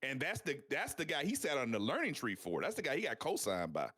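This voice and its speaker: A man co-hosting a live show, chatting casually and telling memories in a quick, eager way. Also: medium pitch, wildly swooping pitch, fairly bright tone, breathy edge. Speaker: podcast co-host. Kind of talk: casual live-stream chat.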